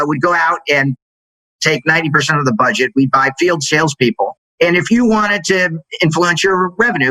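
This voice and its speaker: Middle-aged guy telling business war stories, bright forceful voice, kinda high, dry close sound. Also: no echo, rough recording. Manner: animated, acts out quoted dialogue in a higher voice. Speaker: guest, sales executive. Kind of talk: storytelling interview answer.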